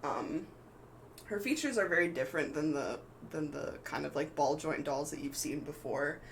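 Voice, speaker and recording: A woman's voice: low-pitched, moderate pace, gravelly, slight background noise, rough recording. A woman narrating as game master of a tabletop game, hesitant and full of ums and restarts.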